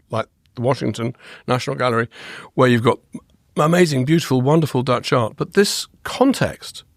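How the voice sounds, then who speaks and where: A man's voice: medium pitch, creaky, no room sound, studio quality. A man being interviewed as an art historian, talking eagerly in long, rambling answers full of restarts. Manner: enthusiastic, rambling with frequent restarts. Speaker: guest, art historian and author. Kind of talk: conversational interview.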